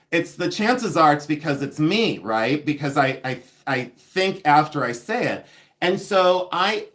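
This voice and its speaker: Male livestream seller, middle-aged, slightly high voice, gossipy and rambling, laughs a lot. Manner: gossipy, animated, laughs often, rambling asides. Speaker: livestream host selling vintage jewelry. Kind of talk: chatty livestream monologue.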